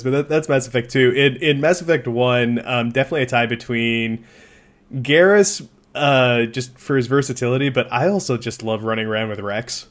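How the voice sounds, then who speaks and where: A man's voice: medium pitch, moderate pace. A man co-hosting a podcast in casual chat, rambling with restarts and easy laughter. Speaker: podcast co-host.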